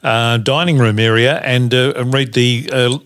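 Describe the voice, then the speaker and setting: A man's voice: mid-range voice, steady tone, normal speed, a bit bright. A man hosting a radio show, chatty and full of fillers. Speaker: radio host. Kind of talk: casual radio banter.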